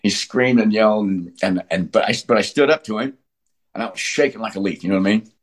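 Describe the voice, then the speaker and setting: A man's voice: on the low side, fast. A man in his sixties telling his story as an interview guest, blunt and profane, often restarting his sentences. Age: 60s. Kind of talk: candid conversational storytelling.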